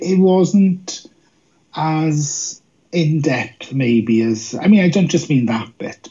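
A man's voice: on the high side, dark tone, husky. A man co-hosting a podcast, chatting in a rambling, hesitant way with many restarts, recorded with dull lo-fi sound. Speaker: podcast co-host. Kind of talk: casual review chat.

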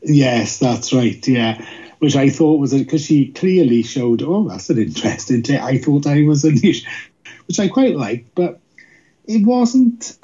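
A man's voice: a little high, lively intonation, slow, mellow, slightly rough. A man co-hosting a podcast, chatting in a rambling, hesitant way with many restarts, recorded with dull lo-fi sound. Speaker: podcast co-host. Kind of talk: casual review chat.

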